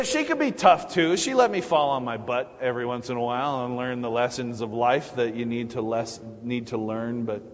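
A middle-aged man speaks from the pulpit of a church, his mid-pitched voice trailing into a long, ringing hall reverb. He talks in halting, searching phrases full of restarts and small fillers. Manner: halting, many restarts and fillers, warm laughs. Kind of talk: Mother's Day sermon. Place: church sanctuary.

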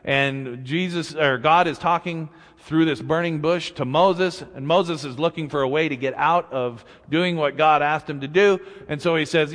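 A man's voice: fairly high pitch, a little slow. A male pastor preaching a sermon in a conversational way, with casual asides to the congregation, in a church sanctuary. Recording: long reverb in a church.

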